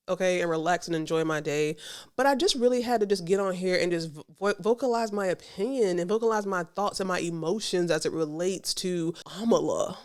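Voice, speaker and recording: A woman hosts her podcast with an emphatic, sassy reaction commentary. Her voice sits at an ordinary middle pitch, and she talks straight to the listener. She hammers her points home by repeating them. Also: a little mellow. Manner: conversational, addresses the listener directly. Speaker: podcast host.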